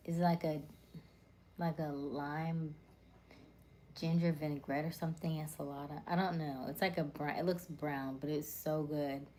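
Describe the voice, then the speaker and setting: A woman with a very low voice talks through a relaxed live-stream chat in a soothing, warm and calm way. She often lets her words fall to a near whisper. Faint background noise sits under her voice. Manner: soft-spoken, often dropping to a near whisper. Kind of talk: casual live-stream chat reading viewer comments.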